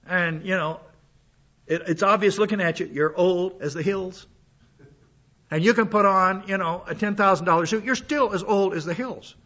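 A man's voice: high-pitched, moderate pace, bright, forceful tone. A man preaching a sermon in a folksy, conversational way, full of asides, while he is sick with a cough. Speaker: pastor. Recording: dull lo-fi sound.

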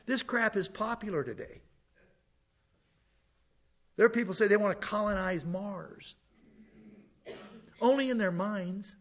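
A man's voice: high-pitched, normal speed, pauses often, lo-fi sound. A man preaching as a pastor teacher, blunt and conversational, often restarting his sentences. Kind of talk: sermon.

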